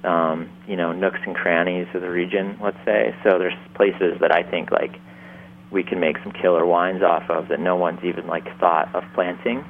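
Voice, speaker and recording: A man's voice: deep voice, level tone, normal speed. Laid-back man on a tinny line. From Upstate New York. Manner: laid-back, many "like" fillers and restarts. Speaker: winemaker guest. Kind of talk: casual interview chat.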